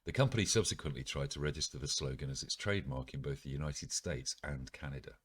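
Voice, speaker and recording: A man's voice: a bass voice, fast, husky. A man from the United Kingdom reading articles aloud as a podcast host, with frequent ums and wry ironic asides.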